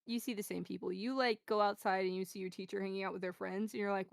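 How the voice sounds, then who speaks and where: A young American woman chatting as a guest, telling stories in a relaxed, wry way that often drops to soft asides. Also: mid-range voice, fast, creaky, no room sound, clean studio sound. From United States. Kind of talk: casual chat.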